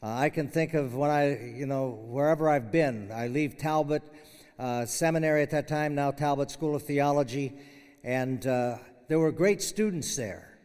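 A man's voice: medium pitch, moderate pace, a little mellow, clear, resonant tone. An older man, a retiring professor, giving a conversational farewell chapel sermon with frequent fillers and restarts. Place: university chapel hall. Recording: long hall reverb.

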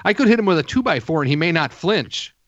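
Man, co-host, crude jokes, bright forceful voice, dull lo-fi call audio. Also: a little high, very animated, quick pace, no echo. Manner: joking, crude banter. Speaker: podcast co-host. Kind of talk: casual chat over video call. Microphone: video call.

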